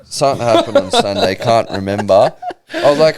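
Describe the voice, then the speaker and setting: A man's voice: mid-range voice, huge pitch swings, normal speed. A young Australian man co-hosting a podcast, chatting in a rambling, laid-back way. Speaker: podcast co-host. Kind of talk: casual chat.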